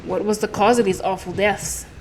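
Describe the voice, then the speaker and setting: A woman's voice: medium pitch, fairly even intonation, normal speed, a little mellow, slight background noise, natural voice, rough recording. A woman voicing an anxious male doctor who presses urgent questions, reading game dialogue aloud in her own voice. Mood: questioning.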